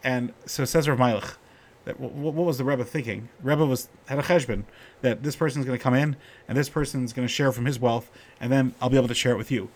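A middle-aged man giving an informal Torah talk, telling stories and getting animated when he quotes the people in them. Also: medium pitch, brisk. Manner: storytelling, animated when quoting characters.

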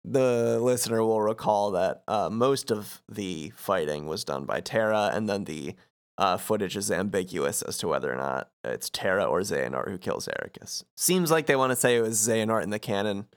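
A man co-hosting a comedic script read-through, making quick, wry asides. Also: on the low side, animated. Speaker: podcast co-host.

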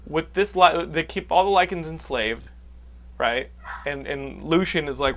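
A man's voice: on the high side, measured pace, vocal fry, fairly bright tone. A man hosting a podcast, recapping a movie plot in casual chat with many restarts. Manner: rambling, restarts a lot. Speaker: podcast host.

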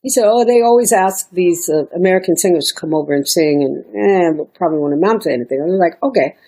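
A middle-aged woman, a singer and songwriter, telling stories in a casual interview, animated and laughing often. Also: lowish voice, quick pace, slightly rough. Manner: animated storyteller, laughs often, mimics quoted voices.

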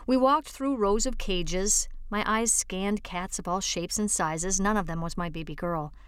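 A woman's voice: medium pitch, unhurried, smooth, dry recording, clean studio sound. A woman reading a true-life story aloud for a reading service, lifting her voice for quoted lines. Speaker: volunteer reader. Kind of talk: read-aloud story narration.

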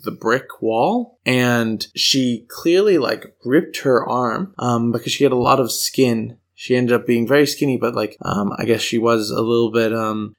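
A man's voice: medium pitch, gravelly. A man with an American accent, co-hosting a podcast in casual, playful chat and telling rambling stories. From United States. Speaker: podcast co-host.

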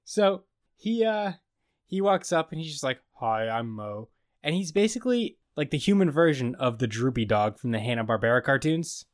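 A young man rambles through a recap on a casual podcast, leaning on "like" and acting out quoted lines. His voice sits a little high. The mic is close and dry, with no room sound. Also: fairly quick, no echo. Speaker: podcast co-host.

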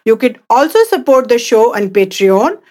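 A woman with a slightly high voice hosts a scripted Hindi lesson podcast. She speaks clearly and deliberately and repeats each phrase slowly so listeners can follow along. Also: lively intonation, a little mellow. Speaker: podcast co-host, Hindi teacher.

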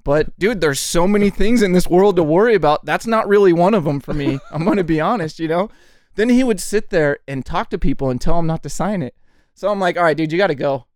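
A man co-hosting a podcast, telling a story in a casual, animated way, laughing often and saying "dude" a lot. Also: sits high, a little fast, no room sound, studio quality. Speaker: podcast co-host.

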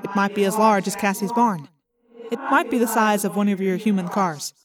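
A woman voicing a stubborn, formal alien warrior in an audiobook, with measured phrasing. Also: medium pitch, steady tone, a crowd in the background, natural voice. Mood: explaining. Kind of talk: audiobook character voice.

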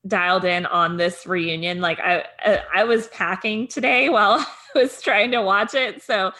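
A woman's voice: medium pitch, moderate pace, bright, forceful tone. A woman co-hosting a podcast in casual chat, rambling with frequent laughs and fillers. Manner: rambling, laughs often, lots of "like". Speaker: podcast co-host.

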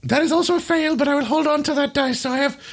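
High gravelly-voiced woman player. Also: fast. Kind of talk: playing a tabletop game.

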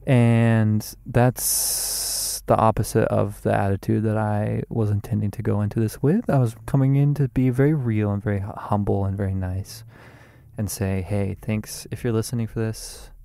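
Gravelly, rambling man improvising a monologue. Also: on the low side, warm tone, dry recording, studio quality. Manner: stream-of-consciousness, swearing, self-amused. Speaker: podcast host.

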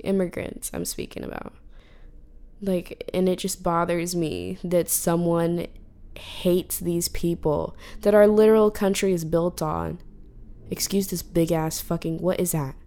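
Young woman, podcast host, casual profane rant, gravelly fry, mellow dark tone. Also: on the low side. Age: young adult. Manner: profane, frustrated, filler-heavy ranting.

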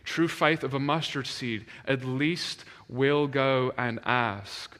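A man's voice: medium pitch, slow pace. A man preaching a sermon, telling a story and animatedly acting out the voices of the people in it. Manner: animated, acts out quoted voices. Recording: long hall reverb.

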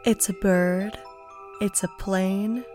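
A woman host giving a comic show intro with a slow, drawn-out delivery. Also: medium pitch, steady tone, a little mellow. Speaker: podcast host. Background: xylophone and marimba music.

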